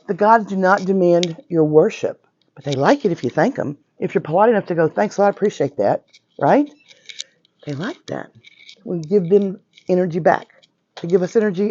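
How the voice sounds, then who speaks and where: A woman in her sixties with a hoarse, nearly gone voice, teaching a witchcraft class in a chatty, emphatic way and often checking in with "right?" and "okay?". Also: fairly low pitch, lively intonation, normal speed, warm tone, highs cut off. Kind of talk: informal class lecture. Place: metaphysical shop classroom.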